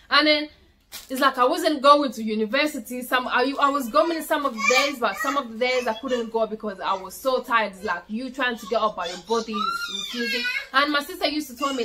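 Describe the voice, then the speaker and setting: A young woman telling her own story in a casual vlog, acting out the voices of the people she quotes, swinging from loud outbursts to hushed asides. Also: sits high, a little hiss or hum. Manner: frequent fillers and restarts, swinging from loud to hushed. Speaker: vlogger.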